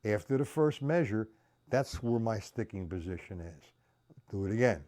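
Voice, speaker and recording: A man runs a live-streamed drum lesson, counting each beat aloud and breaking it down step by step. He talks bluntly and keeps asking viewers if they follow. His voice moves through a lively range of pitch. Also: moderate pace. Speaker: drum teacher.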